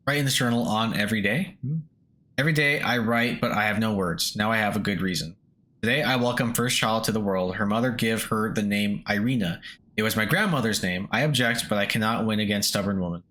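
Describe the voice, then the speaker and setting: A man's voice: fairly low pitch, fairly quick, bright, forceful tone. A man voicing an old male miner reading his journal aloud in broken English with a Russian accent. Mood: wistful.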